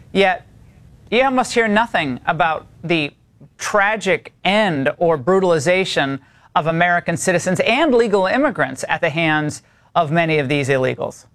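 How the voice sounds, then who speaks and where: A man's voice: on the high side, fairly bright tone. A man hosting a cable news show, interviewing guests in an emphatic, indignant way. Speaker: TV news host.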